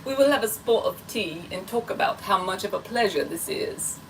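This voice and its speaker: A woman's voice: mid-range voice, lively intonation, normal speed, creaky, recorded from a distance, a little hiss or hum, low-quality recording. A woman putting on a stiff posh British gent. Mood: mock-formal. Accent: put-on British. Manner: stiff, over-formal phrasing. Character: mock-posh British gentleman over tea.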